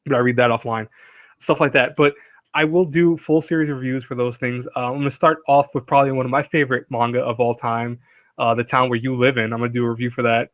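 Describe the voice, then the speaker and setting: A man's voice: medium pitch, little pitch movement, quick pace, no room sound, clean studio sound. A man hosting a casual live stream, rambling and chatty, laughing often and reading chat aloud.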